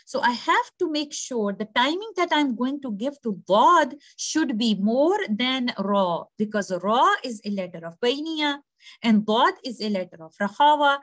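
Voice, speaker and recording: Woman teaching recitation, patient and slightly high. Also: a bit bright. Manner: patient, explanatory, demonstrates pronunciations slowly. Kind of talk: tajweed lesson.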